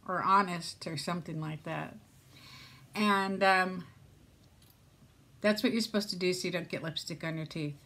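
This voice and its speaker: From her seat at home, an older Southern California woman talks casually to a phone or camera, rambling and self-deprecating. Her lowish voice is steady and sharp in tone, at normal speed with frequent pauses.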